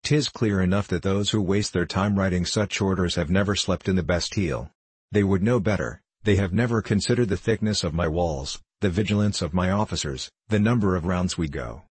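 Man reading an audiobook's complaining jailer type, deep husky voice, dry close sound. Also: fairly quick, a little mellow, no echo. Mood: grumbling. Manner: complaining, long-winded. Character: grumbling middle-aged male prison governor, self-satisfied.

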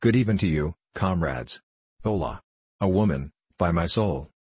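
A man's voice: low voice, expressive, a little slow, a little mellow, husky, no room sound, full character voice. A man reading the part of a hearty, swaggering English bowman fresh from the wars. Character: boisterous English bowman, middle-aged soldier fresh from war. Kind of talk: audiobook character reading.

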